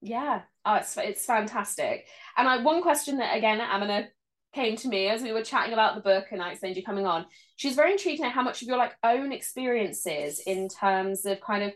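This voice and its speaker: Woman host, higher, bouncy voice; enthusiastic, chatty interviewer. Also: expressive, a little fast. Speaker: podcast host. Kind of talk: casual interview chat.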